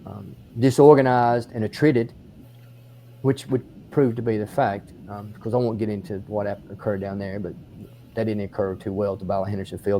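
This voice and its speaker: A man with an Australian accent, a military historian giving an on-site battlefield explanation, telling the story in animated detail with frequent restarts. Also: lowish voice, slight background noise. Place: outdoors on a battlefield.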